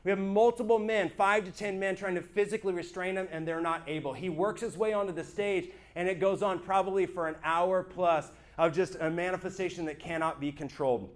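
A man sharing his church testimony with a small group, earnest and animated, often checking in with his listeners. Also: high-pitched, brisk, hardly any pauses. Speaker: speaker giving his testimony.

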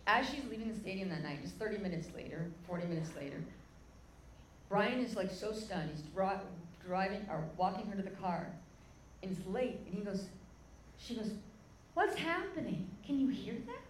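A woman's voice: mid-range voice, a little fast, slight background noise. A woman preacher telling a heartfelt story from the pulpit, her voice rising with feeling as she speaks to the crowd. The sound carries a roomy echo with faint background ambience. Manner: emotional storytelling, addresses crowd as "guys". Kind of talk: sermon testimony.

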